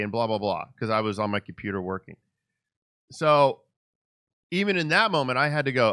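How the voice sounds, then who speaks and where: A man hosting a podcast interview, telling a story with lively acted-out dialogue. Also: mid-range voice, fairly quick, pauses often, smooth, no echo, studio quality. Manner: animated storyteller who acts out quoted dialogue. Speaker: podcast host. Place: Los Angeles.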